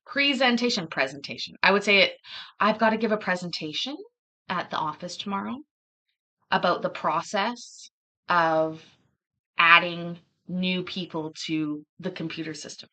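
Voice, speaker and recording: A woman's voice: fairly low pitch, fairly even intonation, measured pace, sharp tone. A woman hosting a livestream, chatting casually and rambling, often laughing between thoughts. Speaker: livestream host.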